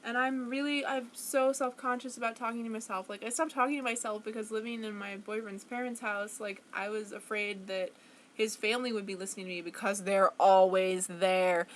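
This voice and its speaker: A woman's voice: medium pitch, fairly even intonation, a little fast, a little hiss or hum. A young woman talking to camera at home in a rambling, self-conscious way, full of restarts and fillers. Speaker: vlogger. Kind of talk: casual monologue to camera.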